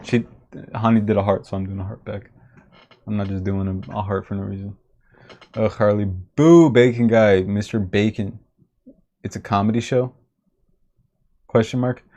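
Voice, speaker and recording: A man's voice: fairly low pitch, darkish tone. A man commentating on a livestream in a sarcastic, mocking way, reading chat comments aloud. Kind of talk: casual reaction commentary.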